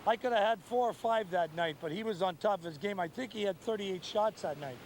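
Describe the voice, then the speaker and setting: Jovial man telling stories, fairly high voice. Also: brisk, slight background noise. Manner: animated, jovial storyteller. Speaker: interviewee, former player. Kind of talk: anecdotal interview.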